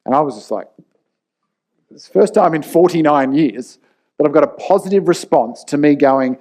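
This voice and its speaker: A man's voice: a little high, animated, normal speed, darkish tone. A man in his forties, a leadership speaker telling personal stories in a frank, casual and blunt way. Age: 40s. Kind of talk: candid personal talk to camera.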